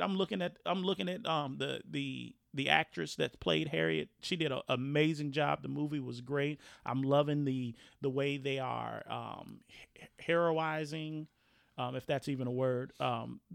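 A man hosting a podcast, talking in an animated, rambling way with many restarts. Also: a little high, creaky, no echo, clean studio sound. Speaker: podcast host. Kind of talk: casual podcast talk.

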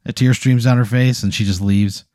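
A man improvising a deadpan, escalating comedic story, acting out quotes from the people in it. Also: medium pitch, moderate pace, no room sound, clean studio sound. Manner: deadpan, escalating absurd narration with acted-out quotes. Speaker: podcast host.

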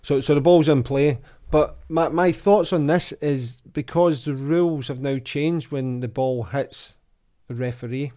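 A man hosts a relaxed football podcast, reading from an old magazine and quizzing his co-host. His voice is dark and mellow, with a chatty, easygoing delivery. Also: a little high, unhurried. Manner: chatty, reads quotes aloud with lively voices. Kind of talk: casual football chat.

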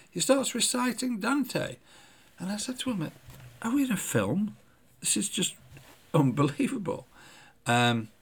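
A man, a poet hosting his own podcast, telling a travel story in an animated, enthusiastic way with many fillers. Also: medium pitch. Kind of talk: reflective storytelling.

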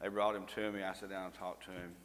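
A man's voice: low voice, little pitch movement, fast, fairly bright tone, long reverb tail, a little hiss or hum. A man leads an informal Bible lesson, talking conversationally and quizzing his listeners with fill-in-the-blank questions. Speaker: Bible study teacher.

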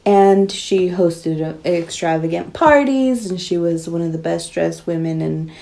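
Female podcast co-host: low, mellow voice, playful and joking delivery. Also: vocal fry. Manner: playful, joking, quick laughs. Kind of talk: casual podcast chat.

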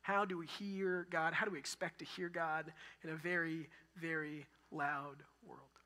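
Bright-voiced animated male pastor. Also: fairly high pitch, measured pace. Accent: Texan. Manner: animated, shifts from loud emphasis to near-whisper. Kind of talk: sermon.

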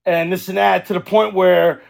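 A man's voice: high voice, level tone, moderate pace, creaky. A middle-aged man co-hosting a podcast, telling profane stories in a casual, laughing way. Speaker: podcast co-host. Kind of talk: casual comedic chat.

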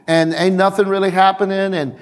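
A man's voice: sits high, little pitch movement, fairly quick, lightly acted. A man voicing the devil as a taunting, nagging tempter in a sermon. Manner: dismissive, colloquial, repetitive.

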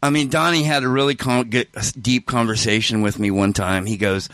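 A man, an interview guest, telling casual anecdotes in an animated way and acting out the voices of the people in them. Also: medium pitch, fairly quick, no room sound. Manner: animated, acts out every voice in his anecdotes. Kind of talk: casual storytelling.

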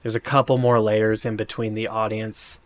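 A man co-hosting a podcast, retelling a game moment in a rambling, animated way with many fillers. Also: fairly low pitch, moderate pace. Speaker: podcast co-host. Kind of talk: casual chat.

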